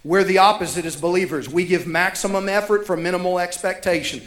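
A man's voice: high-pitched, fairly even intonation, a little fast, a bit bright, echoey room. A man, preaching a sermon as pastor, emphatic and repeating key lines for effect. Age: 30s.

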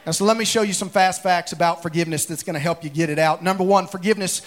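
The voice sits high and moves fast: a pastor entertaining his congregation in the church sanctuary. His sermon is humorous and homespun, told as animated comic stories that burst into shouting.

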